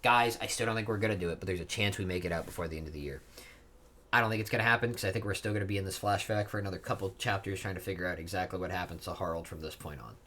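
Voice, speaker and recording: A male vlogger reads a comic aloud and reacts to it in an easygoing, chatty way. His voice sits a little low and has a bright, forceful edge, with plenty of casual fillers. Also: steady tone, very fast, slight background noise.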